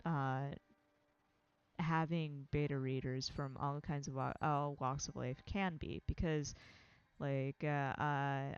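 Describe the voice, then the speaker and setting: An American woman with a low voice chats on a livestream, rambling and self-deprecating, with frequent swearing and laughter. The sound is slightly muffled, and faint music plays underneath. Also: smooth. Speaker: livestream host. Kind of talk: casual rambling chat.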